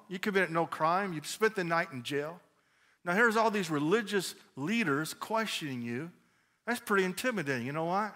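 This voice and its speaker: A man preaching a sermon as pastor, telling stories with animated, emphatic delivery. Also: sits high.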